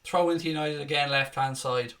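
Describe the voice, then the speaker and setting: A man's voice: on the high side, steady tone, a little fast, bright, forceful tone. A young man giving live fan commentary on a football match, calling the play and breaking into angry, sweary rants. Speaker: fan watchalong host.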